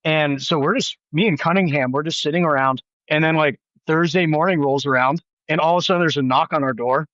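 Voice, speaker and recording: A man guest on a podcast, telling a story in casual, animated talk full of "like" and "dude". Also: on the high side, a little fast, few pauses, dry recording, lo-fi sound.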